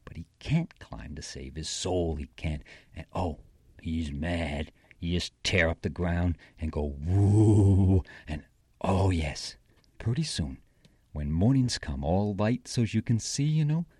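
A man's voice: sits low, animated, measured pace, darkish tone, breathy edge, dry recording, studio quality. A man recites a folksy tale in dialect, rambling and correcting himself like a child telling a story.

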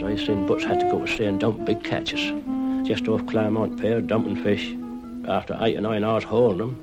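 A man, a fisherman, reminiscing and reciting verse in a measured, rhythmic way. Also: fairly low pitch, very animated, over loud music. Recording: slightly muffled old recording.

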